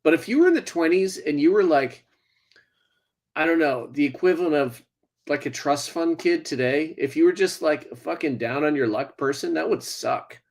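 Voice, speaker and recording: A man's voice: fairly high pitch, expressive, moderate pace. A man, an actor, answering interview questions casually, hesitant and wry. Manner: hesitant, many fillers, wry. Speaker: actor guest.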